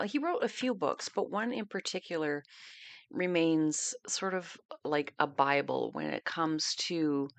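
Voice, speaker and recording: A woman narrating a history podcast in a measured, reflective storytelling manner. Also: deep voice, vocal fry, no echo.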